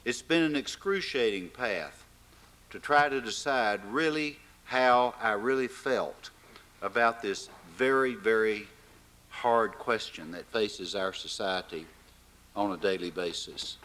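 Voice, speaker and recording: Low-voiced older man with an Arkansas accent. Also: fairly bright tone. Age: 60s. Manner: folksy, halting with frequent fillers. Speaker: event host. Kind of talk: welcoming speech to a live audience.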